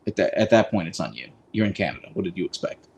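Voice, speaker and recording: A man with a lowish voice hosts a relaxed live stream, speaking into a boom mic. He rambles in a friendly, easygoing way, full of ums and likes. A faint hum sits behind him. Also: fast, poor audio. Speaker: livestream host. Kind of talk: casual live-stream chat.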